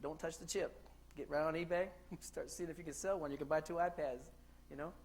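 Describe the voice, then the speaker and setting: A man's voice: fairly high pitch, fairly quick, a little hiss or hum. Joking man giving a keynote talk. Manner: lively, joking storyteller who asks the crowd questions. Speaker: keynote speaker. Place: conference hall stage.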